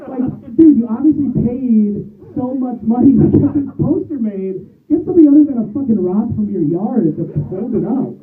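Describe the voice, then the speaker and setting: A young man doing a rambling, self-deprecating stand-up comedy set with quick asides. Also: very high-pitched, lively intonation, recorded from a distance. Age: young adult. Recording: tinny lo-fi phone-like recording.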